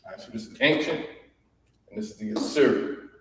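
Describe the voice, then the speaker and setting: A man of middle pitch teaching a language class, pausing often to check in with the room. His voice comes from some distance and echoes through a large hall with a long reverb tail. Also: fairly bright tone. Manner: repetitive, checks in with "all right?" after each point. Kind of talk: classroom lesson.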